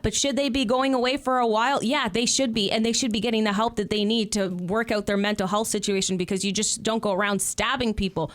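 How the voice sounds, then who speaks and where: A woman's voice: on the high side, fairly bright tone. A woman from Canada, a guest on a talk show, speaking in an indignant, emotional and outspoken way. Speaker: guest commentator.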